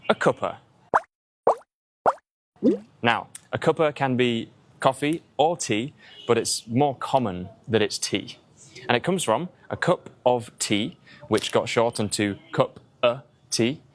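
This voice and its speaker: Chatty man with an English accent teaching. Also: medium pitch. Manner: chatty, explains words with examples. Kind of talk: vlog-style lesson.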